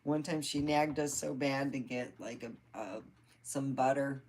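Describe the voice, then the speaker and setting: A woman's voice: rumbling low, measured pace, a little mellow. A woman telling rambling family stories in a casual vlog, laughing often and swearing now and then. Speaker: vlogger. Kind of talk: casual storytelling.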